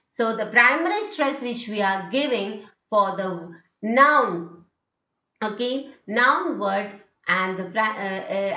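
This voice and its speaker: A woman's voice: medium pitch, a bit bright. A woman with an Indian English accent gives a recorded lecture as a university tutor, talking things through with frequent fillers and repeated "okay"s. The sound is dull and lo-fi, with a roomy echo around her voice. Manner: explanatory, repetitive, many "okay"s and fillers. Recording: echoey, dull lo-fi room recording.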